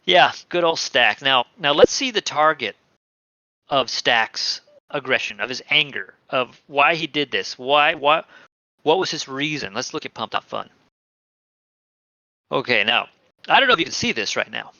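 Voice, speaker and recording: A man's voice: mid-range voice, animated, moderate pace, sharp tone, no echo, lo-fi sound. A man from Texas, co-hosting a casual streamed chat, joking and reading screen text aloud. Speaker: podcast co-host.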